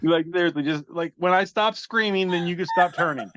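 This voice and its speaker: Over a video call, a man hosts a podcast and reads memes, describing them aloud in a rambling, self-deprecating way with casual swearing. His voice sits high and a bit bright, fairly quick, with no room sound.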